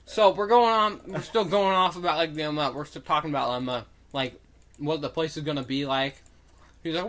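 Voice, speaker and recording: A man's voice: fairly high pitch, normal speed, a bit bright, faint music behind. A young man co-hosting a podcast, telling a story in casual chat, rambling with lots of fillers and acting out what people said. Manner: rambling, filler-heavy, acts out quotes animatedly. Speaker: podcast co-host.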